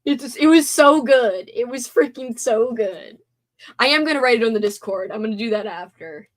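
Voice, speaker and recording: Young female streamer, slightly high-pitched, bubbly and giggly, a bit worn out. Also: expressive, moderate pace. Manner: bubbly, giggly, reacts to chat. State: tired after a sleepover. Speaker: livestream host. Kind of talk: casual livestream chat.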